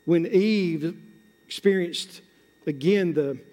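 A man preaching a sermon as pastor, drawing out key words and repeating phrases, swelling from hushed, slow passages to loud, rising exhortation. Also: high-pitched. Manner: emphatic, drawn-out words and repetition. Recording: long hall reverb.

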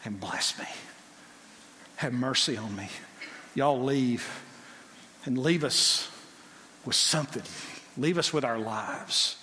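A preacher acting out a defiant, barking pharaoh. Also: male voice, medium pitch, slow pace, pauses often, sharp tone, slight background noise, pitched below the performer's own voice. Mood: pleading. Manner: barking commands. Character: proud defiant male pharaoh, later begging. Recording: long hall reverb.

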